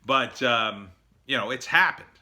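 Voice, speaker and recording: A middle-aged man talks through screenwriting advice in a casual, blunt monologue. His voice sits at an ordinary pitch but sounds very bright and forceful. He is opinionated, uses plenty of fillers, and acts out what other people said. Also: expressive, a little slow. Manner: blunt, opinionated, with many fillers and acted-out quotes.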